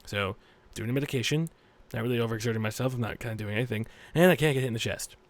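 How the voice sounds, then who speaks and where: A man's voice: medium pitch, very fast. A young man hosting a gaming video, reading a visual novel aloud with rambling, profane, joking asides. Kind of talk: let's play commentary reading a visual novel.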